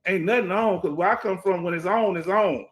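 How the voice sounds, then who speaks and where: A man's voice: sits high, a little fast, soft background music. Streetwise Houston man hosting a stream. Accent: Houston Black American English. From Houston, Texas. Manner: streetwise, emphatic, repeats himself, asks "you understand?". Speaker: veteran livestream host. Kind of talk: casual livestream chat reading comments. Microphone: headset.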